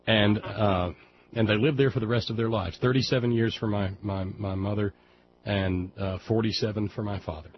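A man with a fairly low voice hosts a radio call-in, talking loosely and stumbling over his words as he goes. The broadcast sound is dull and muffled, and a faint hiss sits underneath. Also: steady tone, moderate pace. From Alabama. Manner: rambling, stammering restarts. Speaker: radio talk show host. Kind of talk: casual radio chat with a caller.

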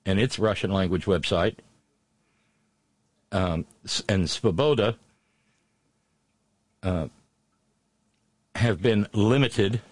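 A man giving casual, sarcastic news commentary, halting with many fillers and restarts. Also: fairly low pitch, breathy edge, no echo. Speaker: political commentator.

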